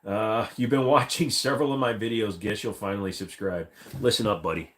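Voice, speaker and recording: A man's voice: fairly low pitch, brisk, fairly bright tone. A man from Northern Virginia chatting casually with his live stream viewers, swearing freely and slipping in and out of joke voices. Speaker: streamer answering chat.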